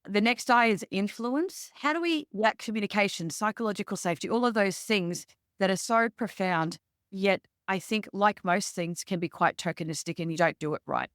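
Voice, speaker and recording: A woman with an Australian accent, a leadership expert guest telling stories in a relaxed interview and acting out quotes as she goes. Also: mid-range voice, normal speed, no room sound, clean studio sound. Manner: lively, acts out quotes in her stories. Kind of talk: conversational interview storytelling.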